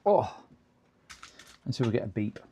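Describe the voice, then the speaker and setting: A man's voice: medium pitch, big pitch swings, normal speed, warm tone, slight background noise. A man casually talking through a computer repair on a live stream, muttering to himself and chatting with viewers. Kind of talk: casual running commentary while working.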